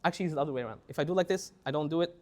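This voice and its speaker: High-voiced man teaching tajweed. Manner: animated, repeats words, restarts often; chants Quranic phrases slowly as examples. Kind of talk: classroom lecture.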